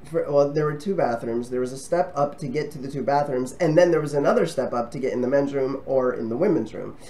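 A man's voice: medium pitch, darkish tone, a little hiss or hum. A man casually talking to camera as a travel vlogger, friendly and rambling, with frequent ums and restarts. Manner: friendly and chatty.

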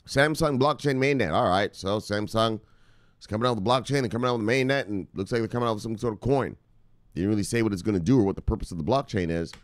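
A man hosting a crypto news show, talking in an excited, casual way, shouting catchphrases, laughing and swearing. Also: fairly low pitch, fast, no room sound. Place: home near the beach.

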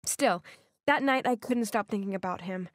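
A woman narrating a first-person animated story in a scripted, expressive way. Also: mid-range voice, moderate pace, no echo, studio quality.

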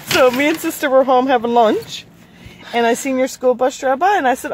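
A woman's voice: sits high, normal speed, pauses often, slightly rough. A woman, chatting casually to the camera in a vlog and laughing often. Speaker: vlogger.

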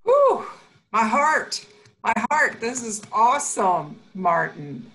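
A woman's voice: a little high, big pitch swings, takes it slowly, fairly bright tone, poor audio. A woman hosting an online talk, responding to her guest with effusive exclamations. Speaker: host.

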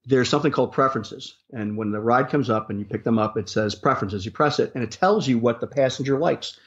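A man's voice: medium pitch, fast. A man working as a rideshare driver, telling stories in an interview in a rambling way, with many restarts and fillers. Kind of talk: casual storytelling in an interview. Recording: dull lo-fi sound.

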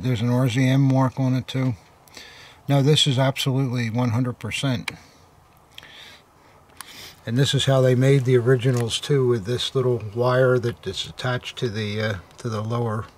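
In a casual unboxing chat, an older militaria dealer speaks in a mid-range voice, easygoing but halting, peppered with fillers and awed asides. A faint noise can be heard beneath him.

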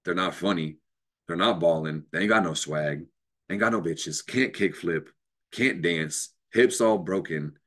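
Man, very low voice, astrology host, unscripted motivational talk, profane, emphatic. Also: unhurried. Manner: profane, emphatic, animated with laughs.

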